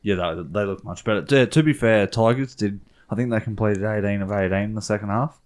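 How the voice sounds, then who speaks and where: A very low-voiced man chimes into the banter in an easygoing way, his words often dropping away softly at the ends of his points. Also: fairly even intonation, quick pace. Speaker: podcast co-host. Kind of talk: casual sports banter.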